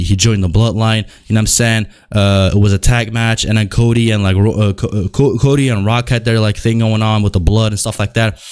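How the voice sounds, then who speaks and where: A young man hosting his own wrestling commentary, ranting casually with exasperation and lots of slang. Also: mid-range voice. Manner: exasperated, slangy, repeats "bro".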